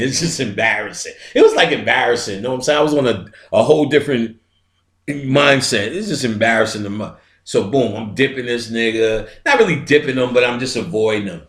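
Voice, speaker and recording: A man's voice: medium pitch, a bit bright. A middle-aged man telling a story in a casual lecture, streetwise and profane, imitating sounds as he goes. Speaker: metaphysical lecturer. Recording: roomy echo.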